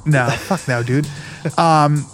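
High-voiced joking podcast co-host man. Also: slow. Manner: jokey, swears freely, puts on a Southern drawl. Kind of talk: casual banter.

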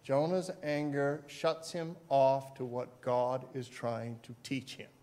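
A man preaching a sermon as pastor, swinging between loud emphasis and quiet asides and putting questions to his listeners. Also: medium pitch, little pitch movement, slow pace. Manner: asks the congregation questions.

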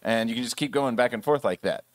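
A man's voice: mid-range voice, fast, no echo. A man casually presenting at a developer meetup, rambling a bit with fillers.

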